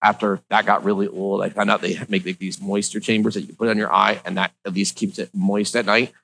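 A man's voice: lowish voice, level tone, a little fast, gravelly, a bit bright, low-quality recording. A middle-aged man with slightly slurred speech, telling a personal story in a casual, joking, rambling way.

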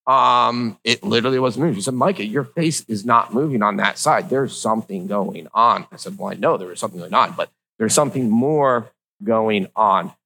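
A man's voice: fairly low pitch, moderate pace, gravelly, pushed and bright, low-quality recording. A middle-aged man with slightly slurred speech, telling a personal story in a casual, joking, rambling way.

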